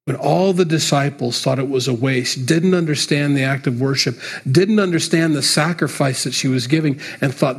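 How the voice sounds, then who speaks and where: A man delivers a sermon, his voice slightly husky and rough at the edges. He preaches in an earnest, emphatic way but keeps it conversational, as if talking straight to the congregation. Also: medium pitch, moderate pace. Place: church.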